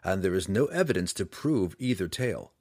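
A man voicing a weary, noble dark elf ranger, speaking low, quiet and solemn in an audiobook. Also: animated, breathy edge, no room sound, clean studio sound, heavily acted. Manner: low, quiet and solemn, slow measured speech. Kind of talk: audiobook character voice.

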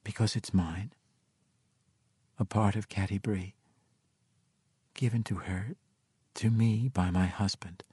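A man voicing a grieving, resolute woman warrior-wizard in an audiobook, speaking softly and measured. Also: on the low side, steady tone, breathy edge, no room sound, exaggerated voice. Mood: solemn. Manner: soft, hushed, measured.

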